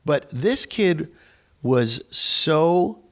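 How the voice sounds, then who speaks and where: A middle-aged man leading a faith group, telling a story from his own life as a lively retelling with quoted dialogue. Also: a little high, drawn-out words. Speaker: discussion leader at a faith group. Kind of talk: storytelling talk with a faith message.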